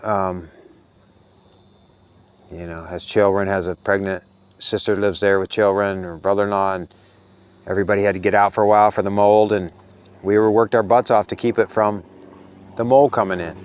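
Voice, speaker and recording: A man with a deep, resonant voice speaks in a soft, earnest ramble about spiritual matters. He sounds a little worn out. The delivery stays casual and unscripted. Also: fairly even intonation, normal speed, long pauses, clear, resonant tone, dull audio. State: tired. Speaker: spiritual vlogger.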